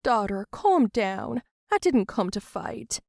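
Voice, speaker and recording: A woman voicing a calm, persuasive older grandmother in an animated storybook. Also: high-pitched, moderate pace, dry recording, clean studio sound, voice pushed up. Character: older grandmother, calm, coaxing beauty-salon owner.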